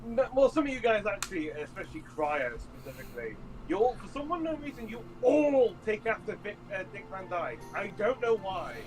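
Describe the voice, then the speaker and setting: A co-host on a live stream, chatting casually in a halting way with many restarts. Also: medium pitch, very animated, a little mellow, soft background music, low-quality recording. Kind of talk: casual group chat.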